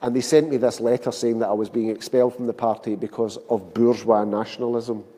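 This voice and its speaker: A Glaswegian man in his fifties gives a wry, self-mocking storytelling speech to an audience. His voice is mellow and dark. It rings with the long reverb of a public hall. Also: mid-range voice, fairly even intonation, brisk. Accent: Glasgow. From Scotland. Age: 50s. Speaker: speaker at a public event.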